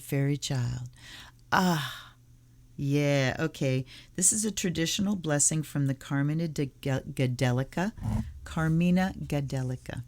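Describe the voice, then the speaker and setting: Soft-spoken woman reading card blessings. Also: sits low. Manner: reads slowly and softly, some card titles half-whispered. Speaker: tarot channel host. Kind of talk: casual unboxing, reading aloud from a card deck and guidebook.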